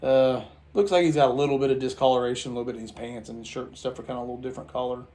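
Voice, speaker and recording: A tired man rambling through a casual toy review vlog late at night, halting and restarting his sentences. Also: mid-range voice, fairly even intonation, dark tone. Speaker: toy collector vlogger.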